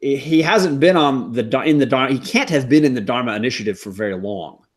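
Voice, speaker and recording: Man recapping a TV show, wry. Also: medium pitch. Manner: animated, wry, with restarts and quick asides. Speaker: podcast host. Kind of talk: casual TV recap chat.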